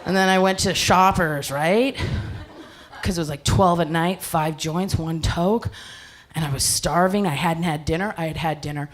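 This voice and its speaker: A woman's voice: lowish voice, normal speed, noisy background. A young woman performing a stand-up comedy set on a club stage, telling a story and acting out the voices of people in it, often laughing as she talks. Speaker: stand-up comic.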